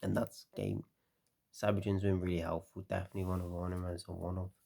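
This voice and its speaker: A tired man talking casually through a card game deck, relaxed and rambling with lots of fillers. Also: low voice, quick pace, gravelly.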